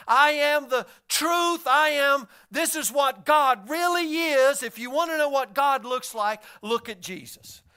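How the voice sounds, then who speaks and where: A man preaching a sermon as pastor, in a conversational style that rises to shouts and drops low. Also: smooth.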